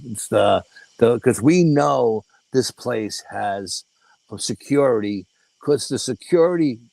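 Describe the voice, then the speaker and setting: A man's voice: mid-range voice, creaky, no echo, rough recording. An older man, a guest in an interview, telling a story casually with profanity and acting out the dialogue. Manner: animated, profane, acts out quoted dialogue. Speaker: guest paranormal investigator.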